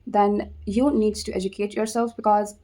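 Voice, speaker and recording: A young woman with an Indian accent, a native Hindi speaker, giving casual advice in a vlog. She talks conversationally, repeats her words, pauses to think and keeps tagging her sentences with "okay?". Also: mid-range voice, flat delivery, warm tone. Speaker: vlogger.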